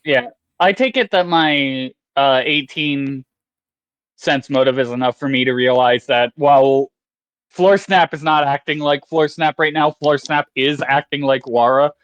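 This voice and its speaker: A man at a tabletop game talking through his reasoning. He speaks slowly and deliberately. The sound is dry, with no room echo. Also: mid-range voice, fairly bright tone, muffled recording. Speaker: player.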